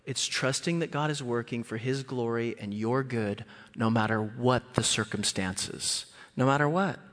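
Animated preacher man in a reverberant hall. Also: a little slow. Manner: animated, acts out quoted voices with big pitch jumps. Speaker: guest preacher. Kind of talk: sermon.

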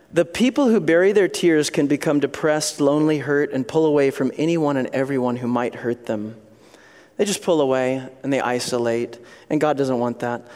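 A middle-aged pastor preaches with an animated delivery, breaking into little acted voices and scenes. His voice sits a bit high for a man, and a long reverb trails his words through the hall. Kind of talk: sermon.

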